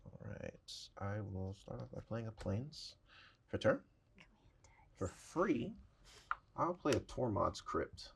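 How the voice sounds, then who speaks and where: A man's voice: lowish voice, animated, unhurried, vocal fry, slight background noise. A man playing a tabletop card game, steadily walking through his turn and reading card text aloud. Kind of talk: casual tabletop play.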